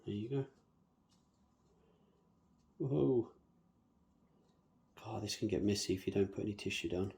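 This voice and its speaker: A bonsai demonstrator walks viewers through a hands-on planting tutorial, chatting casually and humming little nonsense syllables as he works. His voice is lowish, gravelly and darkish in tone, unhurried and full of pauses.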